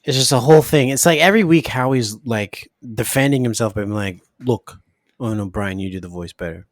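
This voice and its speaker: A man's voice: medium pitch, fairly quick, no room sound. A man co-hosting a podcast, wryly recapping an episode in casual chat. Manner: wry, recapping. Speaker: podcast co-host.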